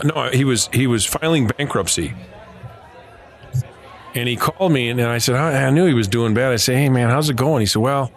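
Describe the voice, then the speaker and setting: Middle-aged man in casual conversation, a former newspaper sportswriter spinning long rambling anecdotes. His pitch sits mid-range and he talks in a loose, storytelling way. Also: fairly bright tone. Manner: rambling anecdotes with laughs and quoted voices.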